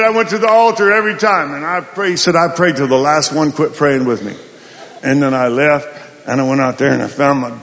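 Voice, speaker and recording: A male pastor telling a folksy, animated story in a sermon. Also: mid-range voice, big-room sound, a little hiss or hum. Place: large hall at a summit.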